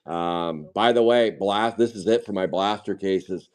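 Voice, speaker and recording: A man's voice: low voice, unhurried, darkish tone. Rambling man streaming a card break. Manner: rambling, sidetracked anecdotes. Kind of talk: casual live-stream chat.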